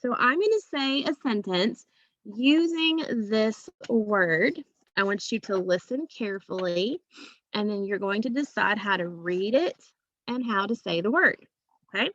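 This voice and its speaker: A woman's voice: on the high side, a bit bright, dry recording, highs cut off. A woman teacher giving a phonics lesson to young children, patient and drawing out each sound.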